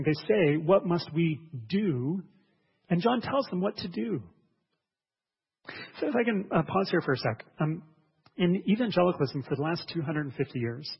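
A man's voice: a little high, animated, normal speed, breathy edge. A man preaching a sermon as a pastor, earnest, often repeating words and asking listeners questions. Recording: dull sound with long hall reverb.

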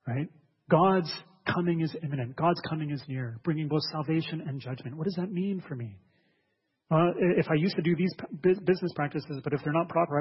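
With a breathy edge to his higher voice, a man preaches as a pastor, earnest and given to repeating words and questioning his listeners. The sound is dull and washed in long hall reverb.

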